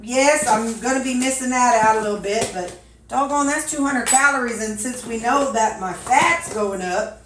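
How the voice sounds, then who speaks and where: A woman's voice: on the high side, normal speed, a bit bright, slight background noise. Older woman, homespun chatty vlogger talking to herself as she packs meals, echoey kitchen with dishes clattering. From Missouri, USA. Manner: folksy, chatty, talks to herself, drawling asides. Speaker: weight-loss vlogger. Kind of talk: casual chat while packing meals. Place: home kitchen.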